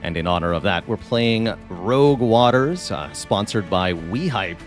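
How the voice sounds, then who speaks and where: A man's voice: lowish voice, lively intonation, a little slow, few pauses, soft background music. A man giving casual live-stream commentary on a game, chatty and thinking aloud as he plays.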